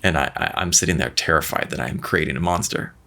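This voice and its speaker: A man's voice: rumbling low, quick pace, pushed and bright. A man hosting a money-tips vlog, telling a family story casually and animatedly, with frequent restarts and repeated words. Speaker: vlog host, father.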